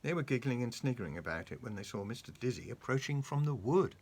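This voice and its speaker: Man reading a story to a kid, lively, gravelly, bright tone. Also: medium pitch, quick pace. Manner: animated, coaxing, asks the child questions. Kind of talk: reading a children's story aloud.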